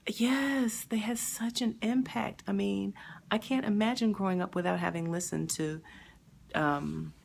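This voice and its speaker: A woman hosting a live stream, talking emotionally and haltingly, sad and near tears, pausing to answer viewer comments. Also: medium pitch, gravelly, slight background noise. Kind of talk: grieving live stream reaction.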